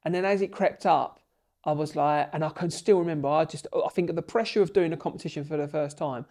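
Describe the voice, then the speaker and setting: A man, a guest on a podcast, telling long stories in an animated and emotional way. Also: a little high, fast. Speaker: podcast guest, bricklaying tutor. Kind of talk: storytelling in a podcast interview.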